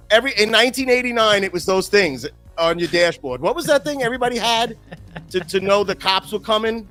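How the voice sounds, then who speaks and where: Man in his fifties, podcast co-host, rambling profane storyteller, slightly high voice, faint music behind. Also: lively intonation, fairly quick, bright, forceful tone. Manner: rambling, profane, acts out quotes. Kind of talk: casual chat, storytelling.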